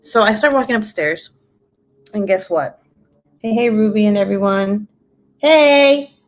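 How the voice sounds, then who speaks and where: A woman's voice: medium pitch, moderate pace. A young mother chats straight to her viewers while working on a diamond painting. She tells the story casually, swears freely and laughs at her own troubles. She acts out what her kids and she herself said. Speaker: vlogger, mother of three boys.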